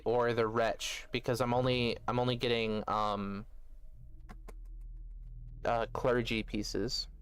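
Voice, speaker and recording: A man's voice: medium pitch, a bit bright, clean tone. A man giving casual let's-play commentary, joking and thinking aloud as he plays. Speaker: gaming video host.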